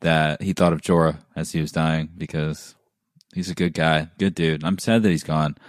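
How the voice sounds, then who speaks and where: Man, very low voice, dry close sound, jokey podcast co-host. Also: normal speed, no room sound. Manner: animated, jokey, reads quotes with gusto. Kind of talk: casual book-discussion chat.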